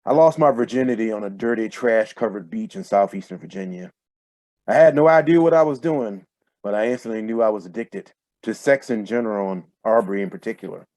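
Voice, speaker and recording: A man reading his own first-person fiction aloud in a steady, measured way over a video call. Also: on the low side, dry recording. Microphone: computer mic on a video call.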